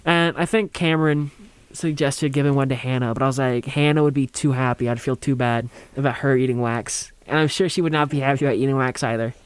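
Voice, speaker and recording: A man's voice: medium pitch, fairly even intonation, a little fast, clear, resonant tone, no room sound. A young man telling a rambling, funny story on a college radio show, acting out quotes and laughing along.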